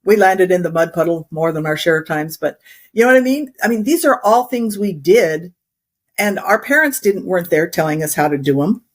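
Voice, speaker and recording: A woman's voice: on the low side, expressive, a little fast. A middle-aged woman from Wyoming, an interview guest chatting and rambling through childhood stories with frequent laughter. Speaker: interview guest, instructional designer. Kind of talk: casual storytelling in conversation.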